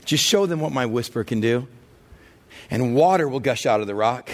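A man voicing God as a calm, gentle and merciful male figure, speaking softly and reassuringly. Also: medium pitch, voice pushed down, natural voice. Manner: soft, slow, reassuring.

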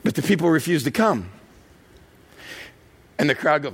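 Animated gravelly pastor preaching. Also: male voice, on the high side, normal speed, long pauses. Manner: animated storytelling, acts out characters, frequent shouting and laughter. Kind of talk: comedic sermon. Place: church.

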